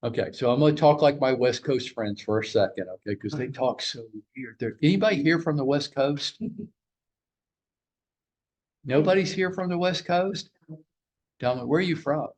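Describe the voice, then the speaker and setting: A man's voice: medium pitch, moderate pace, pauses often, darkish tone. A man leading a team training huddle, joking and teasing as he fires questions at the room. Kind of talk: live training talk to a room.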